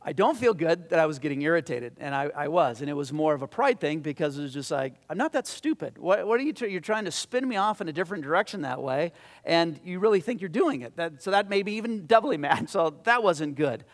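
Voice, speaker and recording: A man's voice: fairly high pitch, animated, a little fast. A man, a pastor or Bible teacher, telling a story to a midweek Bible study in a conversational way, repeating words and growing emphatic as he makes his point.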